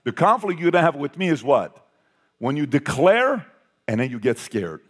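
A man giving a motivational talk to an audience, telling a family story with animated swings from loud to hushed. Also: mid-range voice, slightly rough. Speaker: speaker.

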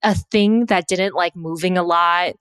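A woman's voice: fairly low pitch, steady tone, measured pace, a bit bright, clean tone, no room sound. Young woman, podcast co-host, rambling, self-deprecating, casual chat, dry close mic.

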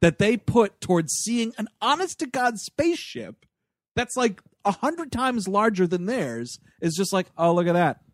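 A man co-hosting a casual movie-review podcast, animated and acting out the characters he quotes. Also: sits high, measured pace, no echo, studio quality. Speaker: podcast co-host.

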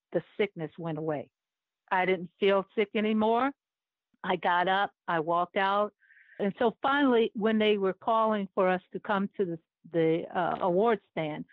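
A woman's voice: mid-range voice, dry recording. A woman in her seventies, a former Olympic runner, telling a vivid, emotional personal story in an interview and laughing often. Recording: dry, tinny phone-line sound.

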